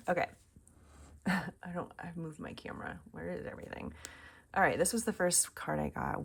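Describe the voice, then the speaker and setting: A woman with a low voice and a gravelly, fry-laden texture gives a casual tarot reading at home. She muses aloud in a chatty way and often slips into a soft near-whisper, and she sometimes turns away from the camera mic. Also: moderate pace, long pauses. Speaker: tarot reader. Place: home room.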